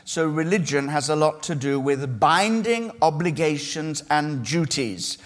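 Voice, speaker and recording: A male pastor preaches a sermon to his congregation in a voice slightly higher than most men's. His delivery is earnest and emphatic, leaning on key phrases with measured pauses between them.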